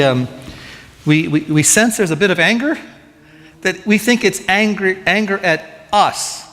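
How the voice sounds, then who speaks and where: A man preaching a sermon as pastor, animated and conversational, often restarting and repeating words as he gets excited. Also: high-pitched, big-room sound.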